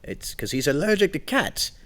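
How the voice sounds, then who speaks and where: A man's voice: fairly high pitch, very animated, moderate pace, a bit bright. A man co-hosting a casual podcast chat, a rambling storyteller who laughs often and acts out quotes. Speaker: podcast co-host.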